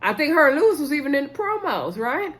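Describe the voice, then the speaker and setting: A woman hosting a casual reality-show recap vlog, chatty and animated, laughing often and talking straight to her viewers. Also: high-pitched, fast. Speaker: YouTube reality-show reviewer.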